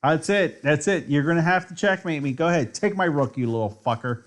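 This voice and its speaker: A man's voice: fairly high pitch, a little fast, few pauses. A man streaming his chess games, tipsy from drinks, rambling and trash-talking with plenty of swearing and self-mockery. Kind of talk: casual live-stream commentary.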